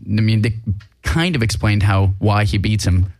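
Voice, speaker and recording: Man, podcast host, rambling casual chat, lowish voice, dry mic. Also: moderate pace, darkish tone, no room sound. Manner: rambling, self-interrupting.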